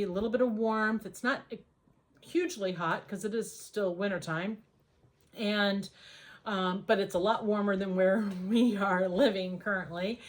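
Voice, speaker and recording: An American woman giving casual advice in a vlog, chatty and full of ums and uhs. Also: mid-range voice. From United States. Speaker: vlogger.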